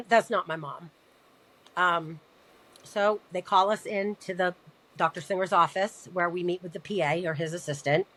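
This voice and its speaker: A woman recounting a personal family story in a podcast interview, halting and repeating words as she talks, earnest and emotional. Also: on the low side, fairly even intonation, a bit bright, poor audio. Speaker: podcast guest.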